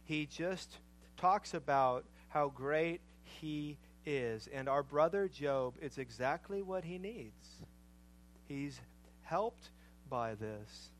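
A middle-aged man delivering a sermon in a high-pitched voice. He speaks slowly and deliberately and repeats his phrases for emphasis. He builds to loud, passionate peaks and then sinks back to quiet, low lines. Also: expressive, slight background noise, poor audio. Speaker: preacher.

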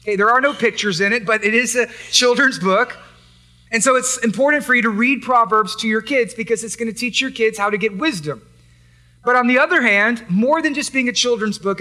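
A male pastor with a high, bright voice delivers a sermon, preaching emphatically and repetitively and posing rhetorical questions.

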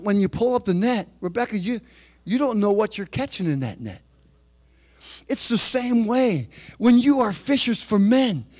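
A man preaching a sermon, moving from chatty storytelling to loud, shouted preaching. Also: very high voice.

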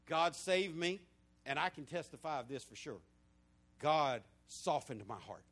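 A man, preaching a sermon in a lively storytelling way that swings between loud and hushed. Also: fairly high pitch, measured pace. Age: 50s.

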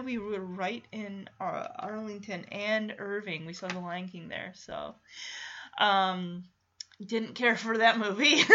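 Woman podcast host, casual solo chat, bright and excitable, lo-fi sound. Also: on the high side. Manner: chatty and excitable, with frequent laughs.

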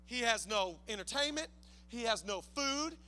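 A male pastor with a high, very bright voice delivers an energetic sermon. He swings from hushed, casual asides to loud, soaring climaxes. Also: moderate pace. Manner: acts out biblical characters in casual slang voices. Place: church sanctuary.

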